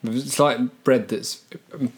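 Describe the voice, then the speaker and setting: A man's voice: medium pitch, slow, slightly rough. A young man co-hosting a casual podcast, wry and playful with odd turns of phrase. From Britain. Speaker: podcast co-host. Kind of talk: casual chat.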